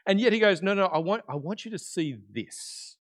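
A man preaching a conversational sermon in church, swinging between loud emphasis and quiet, intimate asides. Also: high-pitched, lively intonation, moderate pace. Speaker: pastor.

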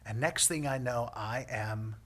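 A male minister preaching a sermon, telling a personal story in an animated way, with frequent laughs and repeated words. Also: mid-range voice, measured pace.

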